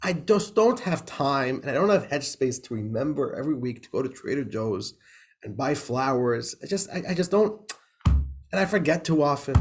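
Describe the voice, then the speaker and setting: A man's voice: mid-range voice, expressive, normal speed, faint music behind. A man, a rabbi, teaching an informal class, talking in a chatty way with laughs, many restarts and questions like "right?". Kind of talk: informal class lecture with a joke.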